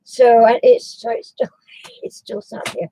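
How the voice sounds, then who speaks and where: A woman's voice: a little high, level tone, unhurried, dark tone, slight background noise, rough recording. A woman, chatting casually on a crafting live stream, rambling with many restarts. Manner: coos baby talk to her dog.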